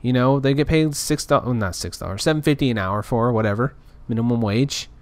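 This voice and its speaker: A man's voice: medium pitch, a little fast, darkish tone, no room sound. A man talking in a casual, rambling rant, frustrated and full of restarts. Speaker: podcaster. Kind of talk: casual ranting monologue.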